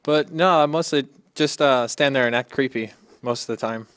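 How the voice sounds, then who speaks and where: A man's voice: medium pitch, normal speed, a bit bright, smooth. A man, an actor, talking about his role in an easygoing, plain way. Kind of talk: casual panel interview.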